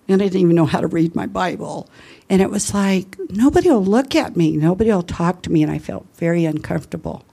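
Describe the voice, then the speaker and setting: A Christian woman gives an informal talk, sharing personal evangelism testimony as an earnest, lively storyteller. Her voice is fairly low with vocal fry.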